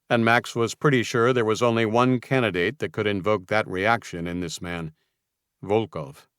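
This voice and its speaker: A man narrating a thriller audiobook in a measured, tense delivery. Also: on the low side, fairly bright tone, smooth, dry recording, clean studio sound.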